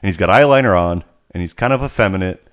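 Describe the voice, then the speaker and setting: A man co-hosting a podcast, telling a rambling, animated story in casual chat. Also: deep voice, fast, clear, resonant tone. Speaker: podcast co-host.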